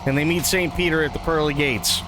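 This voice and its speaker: A man's voice: fairly high pitch, fairly even intonation, a little fast. A man live-streaming a game, chatting casually to viewers and telling wry jokes. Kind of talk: casual live gameplay chat. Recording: clear game music behind.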